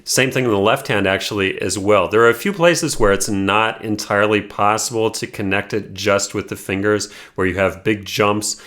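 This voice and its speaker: A man teaching a piano lesson, explaining patiently and sometimes singing a melody line softly and slowly. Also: fairly low pitch. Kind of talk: piano tutorial.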